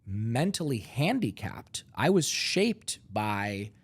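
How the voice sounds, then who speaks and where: A middle-aged man from Ohio recounts a painful moment from his past with raw honesty. His pitch swings up and down as he plays both sides of the dialogue, and he stammers when the feelings get close. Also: big pitch swings, takes it slowly. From Ohio, USA. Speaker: guest, entrepreneur. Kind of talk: emotional personal storytelling.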